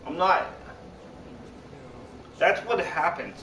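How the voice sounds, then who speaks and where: Speaking slowly but very animatedly, this young streamer has a voice on the high side. He rambles and repeats himself to viewers, constantly restarting sentences, from an echoey room far from the mic with background noise.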